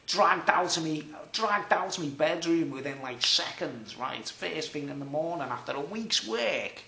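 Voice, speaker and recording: Animated Scouse man telling a story. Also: fairly high pitch, unhurried, vocal fry, echoey room. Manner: animated, chatty, acts out the people in his story. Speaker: vlogger. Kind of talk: rambling storytelling monologue.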